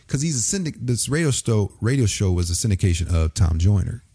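A man from Springfield, Illinois, telling a lively story in casual talk and acting out the voices of the people in it. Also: lowish voice, fairly quick, husky, no echo, studio quality. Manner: animated storyteller, acts out quoted voices. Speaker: podcast guest.

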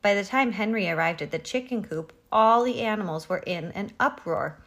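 Here a woman at a moderate pace, in a mid-range voice, reads a picture book for children aloud. Her reading is lively and full of expression.

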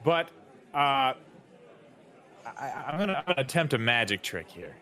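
Bright, lively high-voiced man. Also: moderate pace, a faint crowd. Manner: playful, joking. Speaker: podcast co-host. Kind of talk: casual podcast chat.

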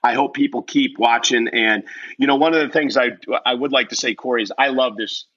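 A man telling a lively, self-mocking story as a guest in a casual interview, acting out the voices of the people in it. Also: mid-range voice, fairly quick, muffled recording.

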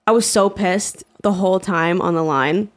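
A woman's voice: lowish voice, normal speed. A woman in her twenties co-hosting a podcast in casual chat, talkative, swearing freely and laughing often as she acts out quotes. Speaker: podcast co-host.

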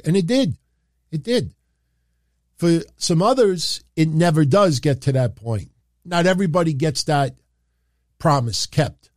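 A man with a New York accent talks in a rambling, opinionated way, leaning on filler phrases as he holds forth on a livestream. His voice sits fairly high for a man. The sound is dry and close, with no room echo. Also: a little mellow. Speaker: wrestling commentary streamer. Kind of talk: casual opinion talk on a livestream.

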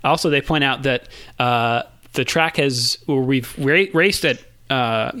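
Man, podcast host, casual chat, relaxed, frequent laughs, fillers, dry sound. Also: mid-range voice, measured pace, clear, resonant tone, no echo.

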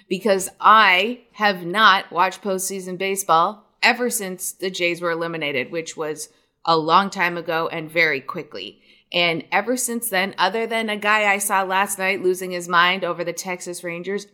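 Bright, animated woman in casual chat. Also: fairly low pitch. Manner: animated, rambling, self-deprecating. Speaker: podcast co-host. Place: New York City.

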